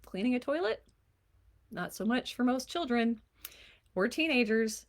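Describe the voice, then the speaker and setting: A woman in her forties, a life coach, talking casually and warmly, laughing often and now and then slipping into a playful voice. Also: a little high, animated, a little slow. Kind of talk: casual solo talk to camera.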